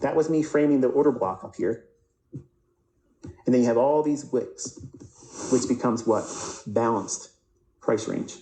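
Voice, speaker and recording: A man's voice: mid-range voice, unhurried, long pauses, mellow, reverberant, rough recording. A man teaching a live trading lecture over price charts, who asks rhetorical questions and answers them himself and often repeats or restarts words. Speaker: trading instructor.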